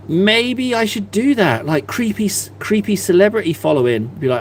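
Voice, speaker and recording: A man's voice: high voice, lively intonation, unhurried, hardly any pauses, a little hiss or hum. A man chatting casually on a live stream, self-mocking and rambling as he paints. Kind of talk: casual livestream chat while painting.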